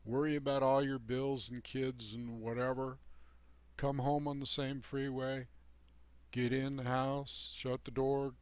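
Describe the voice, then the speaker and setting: This man hosts his own channel and gives life advice in a rambling, preachy monologue, emphatic and folksy, full of "you know" and "man," with sarcastic asides. His mid-range voice is flat and measured, recorded cleanly with no room sound.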